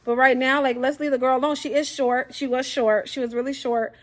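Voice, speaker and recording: A young woman tells a story to camera in a casual, animated way. Her voice sits high, and she keeps slipping into the voices of the people in her story. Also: brisk. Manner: animated, acts out quotes, frequent fillers.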